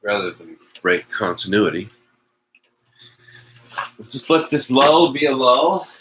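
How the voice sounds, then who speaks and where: A man's voice: medium pitch, very animated, slow pace, a bit bright, slight background noise, low-quality recording. A man hosting a casual solo chat show from home, rambling and wry with self-mocking asides. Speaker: host.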